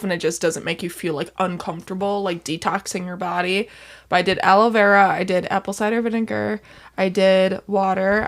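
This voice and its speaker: Young woman guest, mid-pitch, sleepy and rambling, chatty filler-heavy talk. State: just woken up. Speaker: guest, host's fiancée. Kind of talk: casual morning chat.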